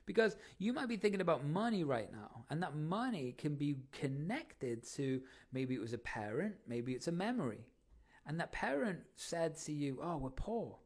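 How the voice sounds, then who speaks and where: A man hosting a motivational podcast, coaching listeners with energetic questions. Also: fairly high pitch, moderate pace. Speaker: podcast host.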